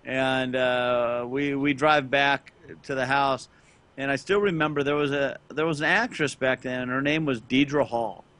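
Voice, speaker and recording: Male podcast co-host, bright and sharp tone, rambling storyteller who acts out the quotes. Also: medium pitch, fairly even intonation, a little slow. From Los Angeles, California. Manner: rambling anecdote with loud acted-out quotes. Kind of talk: casual storytelling chat.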